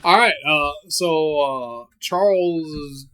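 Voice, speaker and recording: A game master narrating a tabletop horror game in a casual, halting way, full of fillers and the odd curse. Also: mid-range voice, a bit bright, smooth.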